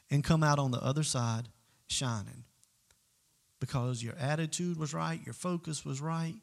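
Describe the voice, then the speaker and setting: Gravelly preacher man. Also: a little high. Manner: emphatic, swings between loud calls to the congregation and quiet asides. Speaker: pastor. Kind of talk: sermon.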